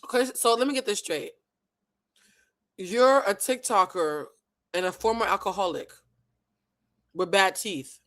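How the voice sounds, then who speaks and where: A woman's voice: medium pitch, measured pace, long pauses, a bit bright. A woman hosting a live reaction stream, giving sassy, mocking commentary and laughing often. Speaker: host.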